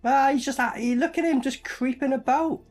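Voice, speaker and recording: A man's voice: very high-pitched, steady tone, moderate pace, faint music behind. A man giving a rambling, sweary commentary as he reviews a movie. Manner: sweary, rambling, puts on silly voices. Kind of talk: casual reaction commentary.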